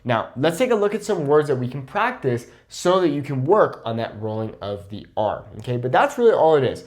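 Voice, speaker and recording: Teaching Spanish pronunciation online, a supportive young man speaks at a medium pitch with big pitch swings and much rise and fall. After every point he checks in with the listener, modelling example words slowly and with care.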